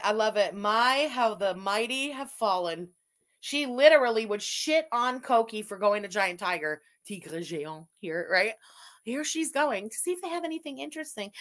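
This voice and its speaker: A woman's voice: on the high side, a bit bright. A woman from Canada giving profane, sarcastic commentary while reacting to a video. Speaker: commentary streamer.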